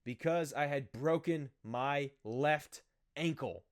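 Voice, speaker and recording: A young man tells a childhood story straight to the camera, casual and lively. His voice sits a bit higher than most men's, and he laughs at himself as he acts out what the others said. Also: takes it slowly. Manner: animated, self-mocking, acts out quoted voices. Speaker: vlogger.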